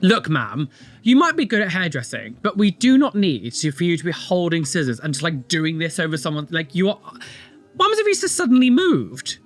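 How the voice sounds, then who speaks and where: A man's voice: on the high side, sing-song, moderate pace, fairly bright tone, faint music behind. A man hosting a reaction video, rambling and exclaiming with lots of fillers. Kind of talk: casual reaction commentary.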